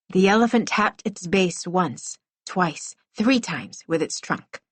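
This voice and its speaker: A woman's voice: lowish voice, animated, measured pace, few pauses, breathy edge, dry recording. A woman reading a first-person middle-grade novel aloud as an audiobook narrator, telling it expressively.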